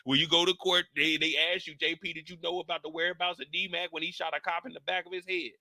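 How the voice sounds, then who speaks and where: A man voicing a gruff, secretive street tough who curses and brushes off questions. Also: on the high side, flat delivery, quick pace, bright, forceful tone, no echo, pitched above the performer's own voice. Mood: defensive.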